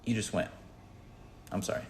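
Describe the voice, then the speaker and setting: A man hosting a casual podcast, joking around and talking in halting stops and restarts. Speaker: podcast host. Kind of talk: casual chat. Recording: roomy echo.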